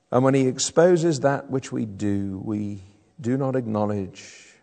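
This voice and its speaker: A middle-aged man preaching a sermon, emphatic, moving between loud declarations and low, hushed lines. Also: a little slow, gravelly. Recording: echoey hall from a distance.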